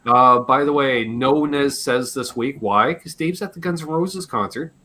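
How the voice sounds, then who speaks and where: A man with a slightly hoarse voice, hosting a casual live Q&A stream, rambling and joking and swearing offhand. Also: mid-range voice, measured pace, background noise. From Canada. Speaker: livestream host.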